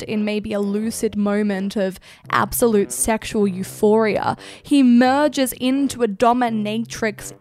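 A woman's voice: on the high side, a little mellow. A woman hosting irreverent literary commentary, speaking crudely and laughing often as she talks. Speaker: host.

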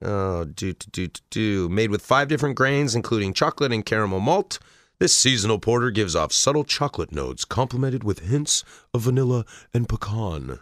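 Lively low-voiced man. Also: moderate pace, no room sound, clean studio sound. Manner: animated, tells stories and jokes. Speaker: co-host tasting beer. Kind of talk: casual beer tasting chat.

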